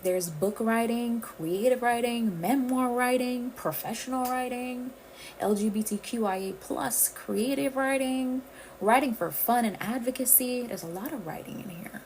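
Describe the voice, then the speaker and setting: A woman's voice: on the high side, measured pace, darkish tone, a little hiss or hum, poor audio. A woman from the Caribbean, hosting a casual livestream and chatting directly with her viewers. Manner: chatty, addresses viewers as y'all. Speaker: livestream host.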